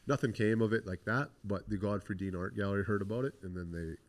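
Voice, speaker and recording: A man's voice: fairly low pitch, fast talker. A man being interviewed, telling his own story in a frank, blunt way. He swears freely and retells scenes by quoting what people said. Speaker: interview guest. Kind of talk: candid conversational storytelling.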